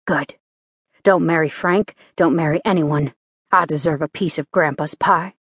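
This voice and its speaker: A woman narrator voicing a stern, guarded man in an audiobook, speaking curtly and lowering her voice for him. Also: steady tone, a little slow, fairly bright tone, breathy edge, no room sound. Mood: cold. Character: stern, cold-edged man, forceful and guarded.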